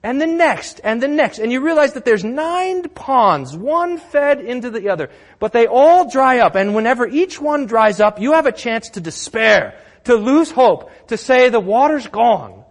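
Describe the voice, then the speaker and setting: A man's voice: very high voice, very animated, normal speed, hardly any pauses. A male pastor preaching a sermon in an earnest, conversational way, asking rhetorical questions.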